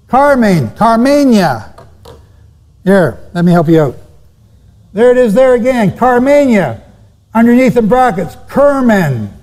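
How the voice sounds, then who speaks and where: Emphatic high-voiced man teaching in a hall. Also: a little mellow. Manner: emphatic, repeats phrases, quizzes the audience. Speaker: Bible prophecy teacher. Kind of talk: teaching with slides to a live audience. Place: room with a seated audience. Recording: long reverb of a hall.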